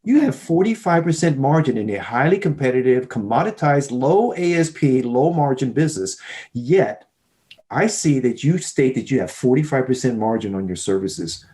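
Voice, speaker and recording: Man telling animated sales stories. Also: mid-range voice, moderate pace. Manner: animated storyteller, acts out both sides of dialogues. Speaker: podcast guest, sales leader. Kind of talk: storytelling in a podcast interview.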